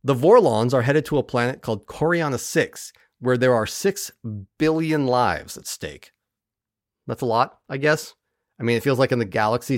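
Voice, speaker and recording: A man hosting a podcast, recapping a TV episode in casual chat with a wry, profane, animated manner. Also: mid-range voice, no echo, studio quality.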